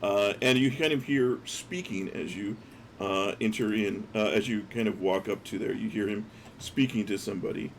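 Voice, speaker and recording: A man's voice: on the low side, normal speed, a little hiss or hum. A man running a tabletop game as dungeon master, narrating loosely with many fillers and restarts.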